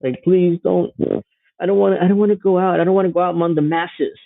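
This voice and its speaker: A man's voice: high-pitched, fairly even intonation, fast, gravelly, dry recording, narrow, tinny audio, pitched above the performer's own voice. A man putting on the voice of a frightened, sheltered person who whines and pleads mockingly. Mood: mock fearful. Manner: mocking, whimpering.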